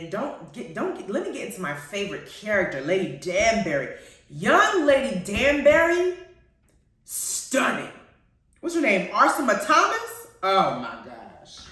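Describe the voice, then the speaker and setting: A woman hosting a live-streamed TV review chat, gushing and animated and calling her listeners honey and y'all. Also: medium pitch. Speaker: host. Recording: very echoey room, far from the mic.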